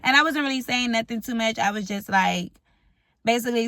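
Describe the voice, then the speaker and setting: A woman's voice: fairly high pitch, fast talker, a bit bright, dry recording. Blunt young woman venting storytime into her phone, kinda dry sound. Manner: blunt and profane, frank venting. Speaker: vlogger. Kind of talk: storytime vlog. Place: indoors at home, ring light.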